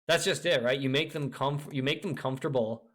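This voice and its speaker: A man's voice: medium pitch, brisk, fairly bright tone. A man delivering a profane, scornful ranting monologue, emphatic and breaking into frequent laughter. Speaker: video creator.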